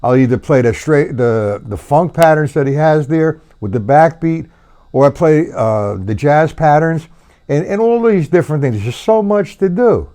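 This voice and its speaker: Counting beats out loud as he drums, a man gives a live-streamed lesson and talks easily with his viewers. His fairly high voice is warm and expressive, moving at a normal speed. He stays loose, swearing at his own errors, while the kit sounds faintly in the room.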